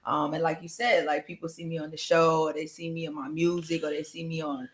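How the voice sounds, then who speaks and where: Laid-back radio guest, mid-pitched and bright, casual slang. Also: brisk. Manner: relaxed, laughing, slangy advice. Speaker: guest artist.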